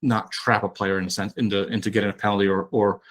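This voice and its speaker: A man with a lowish voice walks an online audience through rule changes. He talks loosely and conversationally, filling pauses with ums and backing up to rephrase. The sound is that of a plain webinar microphone. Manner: relaxed, many fillers and restarts. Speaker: rules official presenting a webinar. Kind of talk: casual explanatory presentation. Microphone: online webinar mic.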